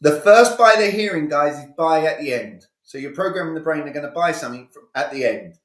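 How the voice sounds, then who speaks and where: A man's voice: a little high, animated, fairly quick, a bit bright, echoey room. A male communication coach giving a live online sales training, talking energetically and with emphasis, acting out sales dialogues.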